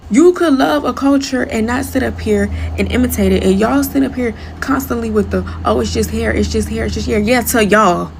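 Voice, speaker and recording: A woman from the United States vents in an emphatic, exasperated rant and drives each point home by repeating it. Her voice sits a little high and crackles with vocal fry. A faint hiss of noise runs underneath. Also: darkish tone. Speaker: commentator. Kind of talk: heated social media rant.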